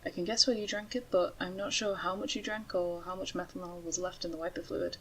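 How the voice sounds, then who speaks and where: A woman's voice: on the low side, flat delivery, a little fast, a bit bright, breathy edge, low-quality recording. Woman reading as a wry talking snake. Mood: explaining. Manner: matter-of-fact, dryly joking. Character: calm, wry male talking rattlesnake.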